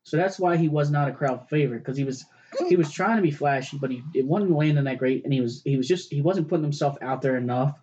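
On a casual fight-talk podcast, a male co-host rambles, swears, and keeps restarting his sentences. His voice is on the high side and darkish in tone, he talks fast, and the audio sounds dull.

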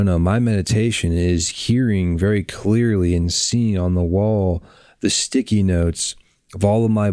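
A man hosting a reflective podcast, talking bluntly and earnestly with drawn-out pauses, on a close microphone. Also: sits low, darkish tone, no room sound. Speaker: podcast host.

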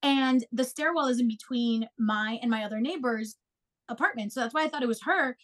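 A young woman co-host telling a story in casual chat, animated and swearing freely as she acts out quotes. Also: a little high, fairly quick.

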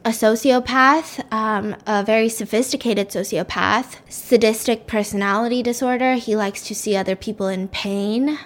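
An ambitious young doctor, as a woman storyteller puts him on, eager and flattering, then stammering when cornered. The voice stays somewhat high. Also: normal speed, hardly any pauses, natural voice. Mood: nervous.

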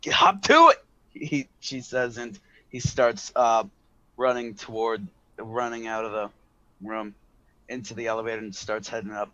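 A man's voice: on the low side, flat delivery, normal speed, no echo. Rambling male game master. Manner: rambling, full of fillers and restarts. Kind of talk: narrating a tabletop game. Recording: dull lo-fi, dry.

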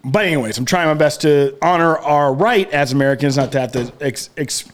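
A man's voice: fairly high pitch, fairly quick. A man co-hosting a casual podcast chat, rambling, jokey and profane. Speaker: podcast co-host.

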